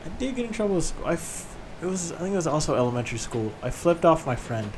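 A young man with a fairly high, very lively voice, telling crude stories and laughing as he goes. He co-hosts a casual chat podcast. Clear background noise sits behind him. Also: fast. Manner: crude, joking, laughs through his stories. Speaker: podcast co-host.

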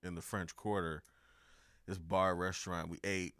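A man's voice: deep voice, flat delivery, moderate pace, a bit bright, dry recording, studio quality. A young man hosting a podcast in casual chat, rambling, swearing freely and laughing often. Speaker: podcast host.

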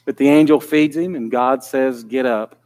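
A man's voice: mid-range voice, normal speed, a little mellow. A man preaching a sermon in an earnest manner that builds to pleading intensity.

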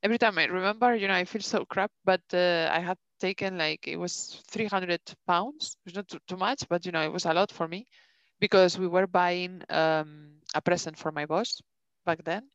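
A woman's voice: lowish voice, fairly even intonation, normal speed, dry recording. A woman chatting casually, telling a story loosely and laughing along. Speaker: podcast co-host. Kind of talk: casual chat. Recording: dull, dry lo-fi sound.

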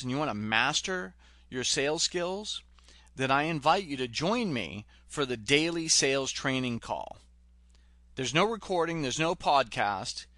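Pushy bright-voiced male sales coach. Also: on the high side, dry recording. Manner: direct, pushy, retells film scenes. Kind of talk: motivational talk.

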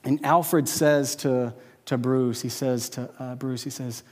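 Pastor preaching in a reverberant hall. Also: male voice, medium pitch, fairly even intonation, takes it slowly, a little mellow. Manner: conversational, peppered with "right?" tag questions. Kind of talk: sermon. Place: church service with a live audience.

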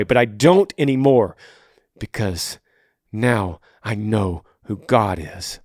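A man hosting a podcast, answering a listener's question on faith with passion, swinging between hushed and raised delivery. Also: on the low side, no echo, clean studio sound. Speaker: podcast host.

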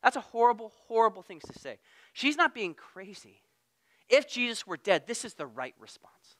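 A man preaching a sermon in a conversational way, at times getting loud and at times dropping to a hush. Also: sits high, big pitch swings, normal speed. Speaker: pastor.

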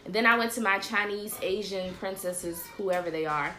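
A woman hosting a casual livestream show, chatting in an animated way and calling her audience y'all. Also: mid-range voice, moderate pace. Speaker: show host. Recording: roomy echo.

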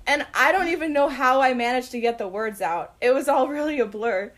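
Young woman, slightly high voice, eager and giggly anecdote teller. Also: brisk. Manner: excited, giggly, lots of fillers. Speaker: guest telling a story. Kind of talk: casual storytelling.

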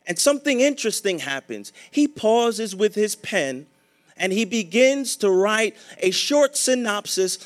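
A man's voice: sits high, a bit bright, rough recording. A middle-aged male pastor preaching a sermon in a conversational way, acting out quoted speech and building to emphatic repetition.

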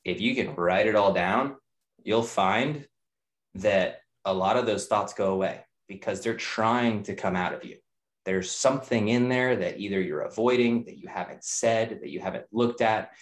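A man's voice: lowish voice, moderate pace. A young man, a nutrition coach and trainer, talking candidly on a podcast, swearing freely and building points in chains. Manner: candid, profane, repeats ideas in chains. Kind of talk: casual podcast talk.

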